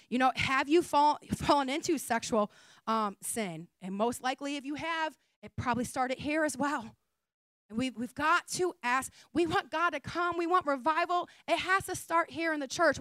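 A woman pastor preaching a sermon in a conversational style, rising to emphatic calls and then dropping to soft asides. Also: sits high, normal speed, no room sound. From United States.

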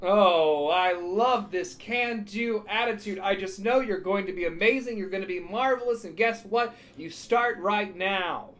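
A man voicing a gushing, flattering male magazine boss in a tabletop game, heaping on praise. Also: high-pitched, a little slow, few pauses. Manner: effusive, repetitive praise.

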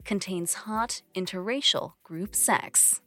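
A woman podcast host reading book descriptions and show announcements in a crisp, announcing voice. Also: mid-range voice, slow, sharp tone.

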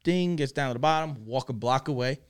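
A man's voice: medium pitch, fairly quick, slight background noise. A man, a guest on a casual podcast, telling a crude, profane anecdote with lots of swearing and laughter, in a mid-range voice. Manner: laughs through his own story. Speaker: guest storyteller.

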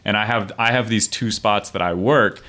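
Podcast guest, male, lowish voice, loose and profane, rambling storyteller. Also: moderate pace, bright, forceful tone. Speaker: podcast guest, street poet. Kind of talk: casual storytelling chat.

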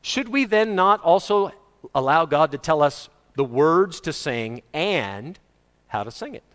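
Animated preacher in a reverberant hall. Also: male voice. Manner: animated, swings between booming shouts and soft asides, chuckles often. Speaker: pastor. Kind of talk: sermon. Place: church hall.

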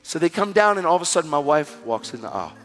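A man preaching a sermon, telling stories and exhorting his congregation, moving between loud urging and hushed, quiet passages. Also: fairly high pitch, big pitch swings, fast. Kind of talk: sermon with storytelling. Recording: long hall reverb with faint music.

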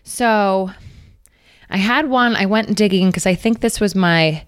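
A woman's voice: mid-range voice, unhurried, clear, resonant tone, no room sound, clean studio sound. A woman comedian from San Francisco, a guest telling stories in a casual chat, self-deprecating. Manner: chatty storyteller, self-deprecating. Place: home kitchen.

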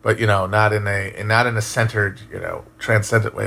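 A man's voice: fairly low pitch, flat delivery, brisk, gravelly, few pauses, sharp tone. Rambling man chatting on stream. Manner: rambling, musing, profane, many restarts. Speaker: streamer answering chat. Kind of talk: casual live-stream chat.

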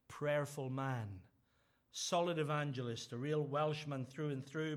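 A middle-aged man delivers a sermon in a slightly high voice. He speaks earnestly and builds to emphatic, repeated phrases. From Northern Ireland. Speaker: preacher.

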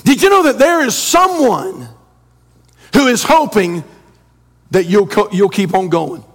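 Fervent high-voiced male preacher. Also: very animated, a little slow. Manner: fervent, building to shouted refrains; reads scripture in King James wording. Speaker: pastor. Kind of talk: sermon.

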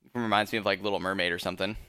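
A man's voice: low voice, level tone, very fast, sharp tone, clean tone, dry recording, clean studio sound. A young man hosting a casual podcast chat, laid-back and rambling with fillers and laughs. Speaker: podcast host.

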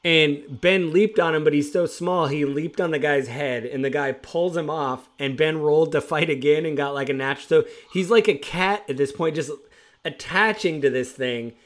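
A man telling old tabletop game stories in a lively, chatty way. He slips into the players' voices as he goes, and his energy rises and falls with the tale. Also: a little high, moderate pace. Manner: animated retelling, acts out players' quotes. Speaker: former game master. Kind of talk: casual storytelling chat.

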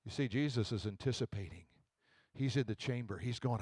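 A middle-aged man preaching a sermon, swinging between loud emphatic bursts and slow drawn-out scripture lines. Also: mid-range voice, breathy edge, no echo. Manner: animated preaching with swells of volume and drawn-out scripture readings. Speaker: pastor.

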